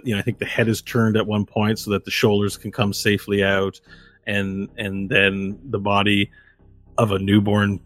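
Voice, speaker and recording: Low-voiced guy game-mastering, rambly descriptive narration, faint music behind. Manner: descriptive, meandering, many fillers.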